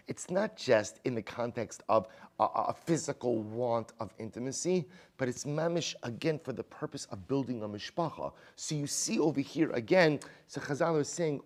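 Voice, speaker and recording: A man teaching a Talmud class as a rabbi, conversational and animated, asking rhetorical questions and mixing in Hebrew and Aramaic terms. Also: mid-range voice. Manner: conversational, many rhetorical "right?" questions and restarts; animated, swings loud and quiet for emphasis.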